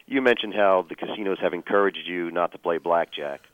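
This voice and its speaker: A man telling a personal story as a guest, measured and full of fillers and restarts. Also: low-pitched, no echo, narrow, tinny audio.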